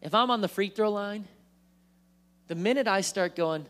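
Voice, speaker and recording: A man preaching a sermon in church, animated, acting out worried voices and joking asides. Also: high-pitched, normal speed, long pauses. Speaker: pastor. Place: church sanctuary.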